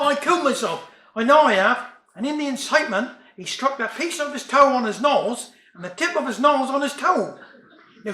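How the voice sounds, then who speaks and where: A man's voice: very high voice, bright, forceful tone, roomy sound. A man reciting comic verse and jokes in broad dialect with a wry delivery. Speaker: storyteller.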